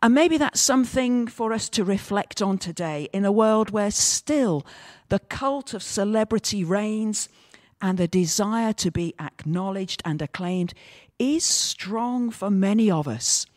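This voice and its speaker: A woman pastor giving a measured, reflective sermon that weaves in a story. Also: mid-range voice, animated, a little mellow, no room sound, studio quality.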